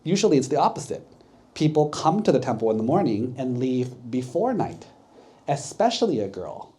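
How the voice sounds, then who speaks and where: Man voicing puzzled monk, questioning, mellow with lively rises. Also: medium pitch, normal speed, natural voice. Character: puzzled monk noticing odd behavior.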